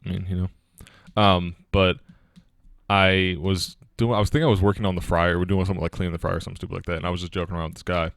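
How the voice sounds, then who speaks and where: A man's voice: low-pitched, level tone, rapid-fire, vocal fry, dry recording, clean studio sound. A young man co-hosting a casual podcast chat, laid-back and laughing often as he tells stories. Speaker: podcast co-host.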